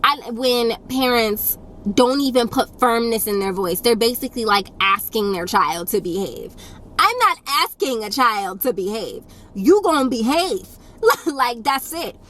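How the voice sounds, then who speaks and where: A woman's voice: fairly high pitch, animated, unhurried, bright, forceful tone. A young woman tells a casual storytime. She talks in a blunt, firm and sassy way and repeats her points for emphasis. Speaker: YouTube storyteller.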